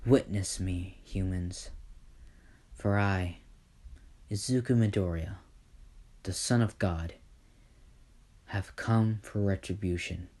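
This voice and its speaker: A man's voice: low voice, slow, long pauses, a little mellow. A man voicing an arrogant teenage boy who calls himself the son of God, talking coldly and dismissively. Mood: cold, scornful. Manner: cold, dismissive.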